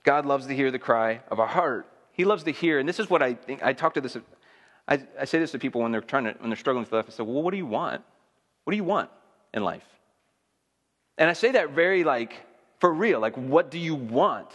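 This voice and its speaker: A man's voice: medium pitch, expressive, fast, fairly bright tone, big-room sound. A man preaching a sermon in a conversational, emphatic way, building intensity as he makes his points. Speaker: pastor.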